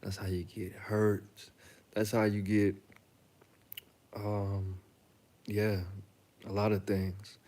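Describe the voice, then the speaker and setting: A man's voice: lowish voice, monotone, slow pace, pauses often, mellow. A young man hosting a reaction channel, talking casually and bluntly to the camera, joking and telling stories in slang. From Chicago.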